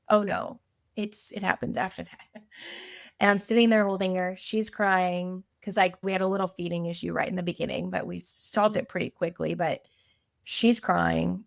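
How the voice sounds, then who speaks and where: A woman's voice: on the low side, vocal fry, no room sound, studio quality. A woman, a podcast guest, telling her story in a chatty, casual way, full of fillers and acted-out quotes.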